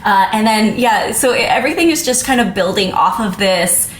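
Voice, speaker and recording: A woman on a panel talk, explaining in an engaged, conversational way. Her voice carries a roomy echo, with a faint rumble underneath. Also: animated, moderate pace. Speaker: assistant professor, panel guest. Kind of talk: casual panel discussion.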